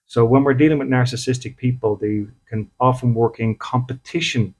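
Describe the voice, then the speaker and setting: Speaking at normal speed with a medium-pitched, darkish voice and fairly even intonation, an Irish spiritual medium hosts his podcast. He's conversational, plays out brief dialogues, and checks in with "okay?" again and again.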